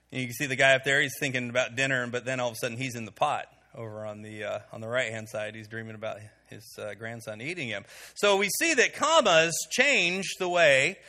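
A man's voice: mid-range voice, sharp tone. A man teaching a Bible study to a live group, talking in a conversational way with many "okay"s and fillers and asking the room questions. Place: before a live audience in a room.

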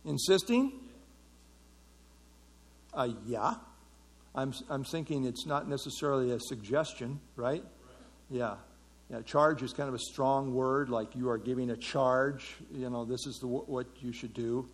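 A middle-aged man teaching a Bible passage in a relaxed, conversational way, with many fillers and restarts. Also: medium pitch, unhurried, breathy edge. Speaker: pastor teaching a Bible study.

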